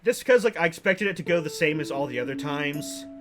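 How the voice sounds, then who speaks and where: A man's voice: fairly high pitch, fairly quick, over music. Amused young man narrating game clips. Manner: chuckles often, relaxed and amused. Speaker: host. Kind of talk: casual game commentary.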